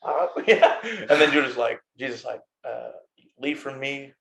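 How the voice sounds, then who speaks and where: A man's voice: mid-range voice, animated, measured pace, vocal fry, a bit bright. A young man co-hosting a casual Bible study podcast, retelling scenes playfully in slang and laughing often. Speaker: podcast co-host.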